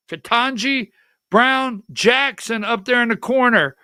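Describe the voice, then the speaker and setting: A man's voice: very high voice, a little slow, sharp tone, smooth, no echo, clean studio sound. An older man hosting a political talk livestream, rambling from topic to topic in a chatty way and calling out instructions to his producer as he goes. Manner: chatty, jumps between topics, talks to his producer mid-show. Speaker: political talk show host.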